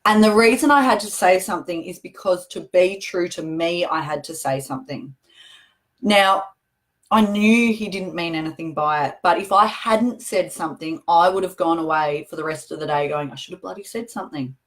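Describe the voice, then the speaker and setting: A woman's voice: fairly low pitch, normal speed. A middle-aged woman hosting a show, talking earnestly and conversationally to camera, with emphatic repetition. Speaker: host answering viewer questions. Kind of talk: casual direct-to-camera talk.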